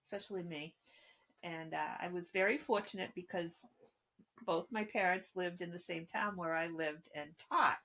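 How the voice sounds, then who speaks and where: A middle-aged woman co-hosting a podcast with her daughter, speaking calmly and often chiming in with short agreements. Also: lowish voice, normal speed. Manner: calm, short agreeing interjections. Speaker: podcast co-host, mother of the other host. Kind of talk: casual chat.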